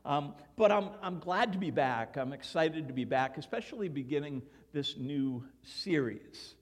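An older man, a grandfather, preaching a sermon in a church and telling stories with lively quoted voices. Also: on the high side, unhurried, big-room sound. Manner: storytelling, animated, acts out quoted voices. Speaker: pastor. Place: church sanctuary.

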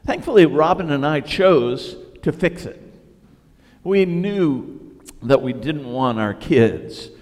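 Animated storytelling pastor in a big hall. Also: male voice, a little high, slow pace. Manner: storytelling, animated and self-deprecating. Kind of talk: sermon.

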